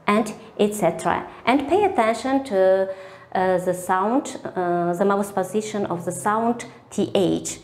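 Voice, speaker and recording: Woman, teacher, unhurried, halting with fillers, roomy echo. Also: medium pitch, darkish tone. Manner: halting, many filler pauses, careful model sounds. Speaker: teacher presenting on pronunciation teaching. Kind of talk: slide presentation lecture. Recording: echoey room.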